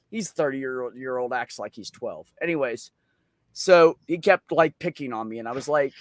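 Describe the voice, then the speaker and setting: A man telling a funny story in a casual, profane, animated way at an open mic. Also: medium pitch, brisk, no room sound, clean studio sound.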